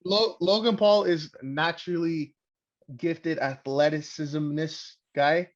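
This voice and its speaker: A man's voice: fairly high pitch, slow pace, lo-fi sound, a crowd in the background. A young man from Canada hosting a wrestling podcast, rambling and swearing in casual chat. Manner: rambling, crude, excitable. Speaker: podcast host.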